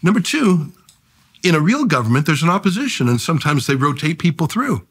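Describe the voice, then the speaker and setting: Husky, animated male journalist guest. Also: a little high, fairly quick. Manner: punchy storyteller, builds points as numbered lists. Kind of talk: casual conversational podcast talk.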